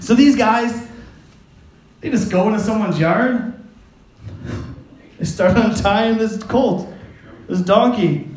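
A man's voice: high voice, slow, long pauses, darkish tone, roomy sound, a little hiss or hum, poor audio. A male pastor giving a sermon in a loose, conversational way, joking, laughing often and briefly acting out the people in his stories.

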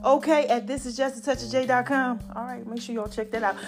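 Hoarse, animated woman podcast host. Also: on the high side, over music. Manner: animated, drawn-out, calls listeners baby and y'all. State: hoarse from allergies. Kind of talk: casual podcast chat.

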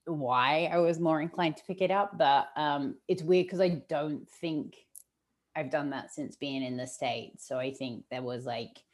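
A woman's voice: low voice, measured pace. A woman in her thirties from the UK with a mixed British and Australian accent, chatting as an interview guest and laughing often. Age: 30s. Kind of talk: casual interview chat.

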